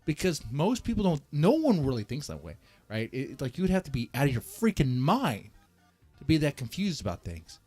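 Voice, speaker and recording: Animated mocking male streamer. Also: a little high, a little fast, soft background music. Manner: mocking, rambling with many restarts. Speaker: commentary streamer. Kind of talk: casual commentary.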